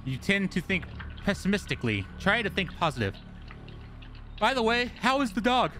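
A man voicing a caring mother who gently reassures her grown son, in a raised, soft reading voice. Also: sits high, very animated, moderate pace, soft background music, voice pushed up, full character voice. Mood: tender.

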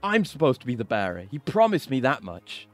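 Man reading a hot-headed young man, indignant, pitched high and loud. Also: lively intonation, moderate pace, faint music behind. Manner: indignant, outraged. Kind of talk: reading game dialogue aloud on stream.

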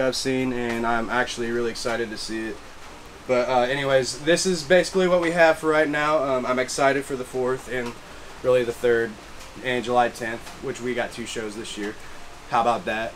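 A man showing off his gear in a casual vlog, excitable and slangy, repeating catchphrases and whooping. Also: medium pitch, normal speed, a little hiss or hum. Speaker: fireworks vlogger. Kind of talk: casual show-and-tell vlog. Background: background music.

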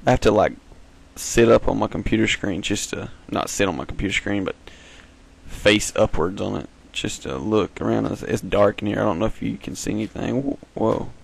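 A man giving rambling, jokey let's-play commentary as host of a gaming video, giggling and breaking into sudden high squeals. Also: normal speed, vocal fry.

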